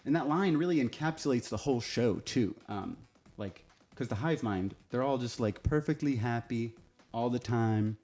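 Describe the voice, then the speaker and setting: A man's voice: medium pitch, expressive, moderate pace, darkish tone, faint music behind. A man giving a casual, opinionated TV review, speaking bluntly and swearing freely. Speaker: TV show reviewer.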